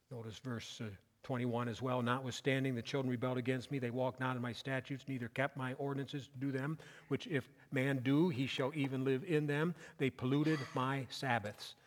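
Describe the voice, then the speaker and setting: Preaching man in a reverberant church. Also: mid-range voice. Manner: reads scripture aloud then explains it, rising in emphasis. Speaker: pastor. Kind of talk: midweek sermon with scripture reading. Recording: church hall with long reverb.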